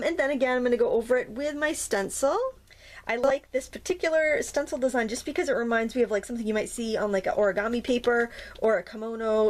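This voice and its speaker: A woman hosting a craft tutorial, chatting casually through each step and gushing over how cute the results are. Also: fairly high pitch.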